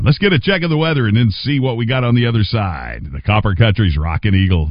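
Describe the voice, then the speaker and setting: A man's voice: fairly low pitch, expressive, quick pace, few pauses, no echo. A man working as a radio DJ, talking in upbeat radio patter. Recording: slightly dull broadcast audio.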